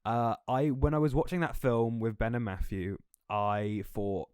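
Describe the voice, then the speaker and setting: A man's voice: medium pitch, fairly even intonation, unhurried, few pauses, darkish tone, smooth, dry recording, studio quality. A man co-hosting a podcast, joking around in casual banter with stumbling restarts. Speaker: podcast co-host.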